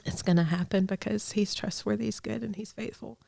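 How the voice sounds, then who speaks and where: A young adult woman sharing a heartfelt faith testimony as a guest in a conversation, earnest, with soft laughs and restarts. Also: mid-range voice, steady tone, brisk, gravelly, no room sound, studio quality. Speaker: podcast guest, ministry director.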